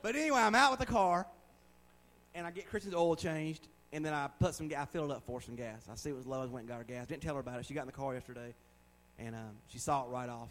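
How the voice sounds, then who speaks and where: A man's voice: on the high side, lively intonation, fast, fairly bright tone, a little hiss or hum, poor audio. A man in his forties preaching a sermon in a conversational way, with joking asides and words repeated for emphasis. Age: 40s. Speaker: pastor.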